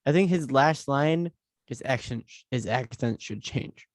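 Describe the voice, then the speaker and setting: A man co-hosting a casual movie podcast, excitable and playful, quick to joke. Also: mid-range voice, no room sound, clean studio sound. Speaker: podcast co-host.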